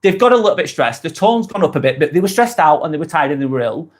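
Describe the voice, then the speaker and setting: Chatty man with a higher voice. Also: lively intonation, quick pace. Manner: rambling, repeats words and restarts sentences; uses mate in chatty address. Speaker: self-help video host. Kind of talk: casual advice monologue.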